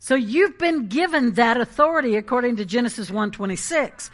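A woman preaching a sermon in an animated, emphatic way, with asides and laughs. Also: fairly high pitch, fairly quick.

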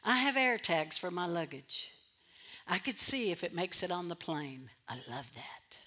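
A woman's voice: lowish voice, animated, moderate pace, sharp tone. A woman pastor preaching a sermon in church, repeating phrases for emphasis and drawing amens from the congregation.

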